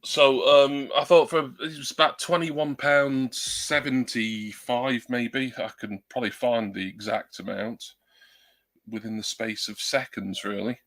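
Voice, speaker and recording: Here a bright-voiced man of medium pitch talks at a measured pace with a flat delivery. He's a livestreamer at his home computer on a new desktop USB mic, rambling chattily, putting himself down, and saying um often.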